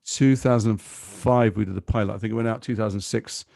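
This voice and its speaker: An English man in his fifties, a guest actor in a podcast interview, telling stories quickly with lots of asides. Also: on the low side, gravelly, no echo, clean studio sound. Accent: English, Liverpool and London mix. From England. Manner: fast, animated storytelling with asides.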